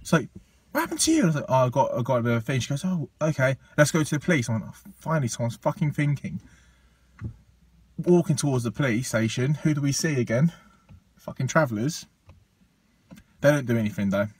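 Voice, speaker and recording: A man's voice: mid-range voice, fast, long pauses, husky. A young man telling a story in casual chat, acting out quotes and swearing freely. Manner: animated anecdote, acts out quotes, swears freely.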